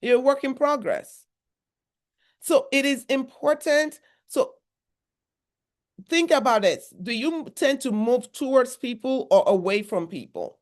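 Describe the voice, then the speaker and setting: A woman's voice: high voice, expressive, unhurried, pauses often. A woman from Nigeria, a therapist giving a motivational workshop talk in a conversational, repetitive style with emphatic asides.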